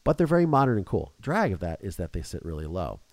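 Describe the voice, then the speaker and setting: A young man with a deep, warm voice hosts a casual podcast. He talks in an animated, emotional way, and his pitch rises and falls a lot. The recording is close and dry. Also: quick pace, no echo. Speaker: podcast host.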